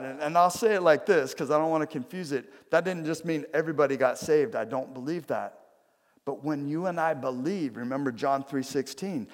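A man's voice: on the high side, in a large hall. A man preaching a conversational sermon, asking his listeners direct questions. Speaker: pastor.

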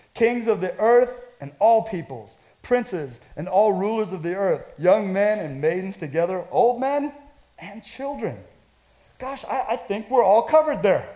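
Man, pastor, sermon, high-pitched voice, lively conversational preaching, scripture reading. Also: rough recording.

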